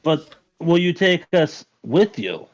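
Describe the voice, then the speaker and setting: Slow, slightly high man, hesitant player. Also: big pitch swings, dull audio. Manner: hesitant, polite, bargaining. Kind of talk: in-character negotiation in a tabletop game.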